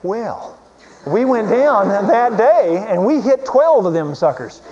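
A man preaching a sermon, telling a lively story and chuckling as he goes. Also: sits high, slow. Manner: lively storyteller, chuckling through his anecdote. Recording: dull lo-fi recording with faint hiss.

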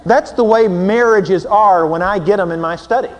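A man preaching a sermon as a pastor, swinging between shouts and hushed near-whispers, acting out scenes with sound words like "boom.". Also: normal speed, muffled recording, slight background noise. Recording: long hall reverb.

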